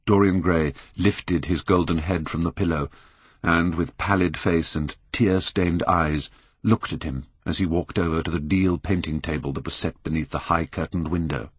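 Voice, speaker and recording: An older man reading a classic novel aloud in measured, expressive storytelling. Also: deep voice, slightly rough, dry recording. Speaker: audiobook narrator. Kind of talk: scripted narration.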